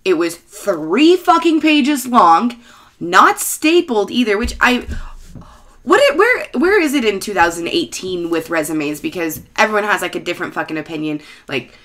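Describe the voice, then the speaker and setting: Woman, casual vlog rant, sarcastic, cursing, mid-pitched. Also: sing-song, normal speed, a bit bright. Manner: profane, sarcastic ranting. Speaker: vlogger.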